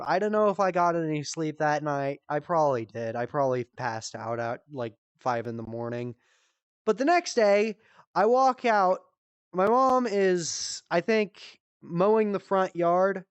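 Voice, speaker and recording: A woman hosting a comedy stream, telling a story in casual, animated style, swearing freely and jumping high for quoted voices. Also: smooth, no room sound. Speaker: comedy show host. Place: virtual-world live stream.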